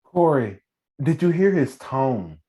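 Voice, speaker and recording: A man's voice: medium pitch, sing-song, takes it slowly, mellow. A man co-hosting a sports podcast over a video call, talking in a heated, emphatic way and repeating phrases. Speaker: podcast co-host. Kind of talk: casual sports talk.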